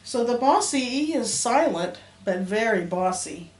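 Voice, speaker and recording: A woman's voice: a little high, animated, measured pace. A woman teaching a phonics lesson to young children, sounding out letters in a patient, sing-song teacher voice. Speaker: elementary school teacher. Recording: roomy echo, faint background hum.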